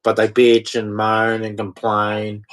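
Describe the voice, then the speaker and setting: A man's voice: lowish voice, monotone, takes it slowly, a bit bright. A man giving a blunt, profane, repetitive rant straight to his viewers. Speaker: vlogger. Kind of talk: unscripted rant to camera.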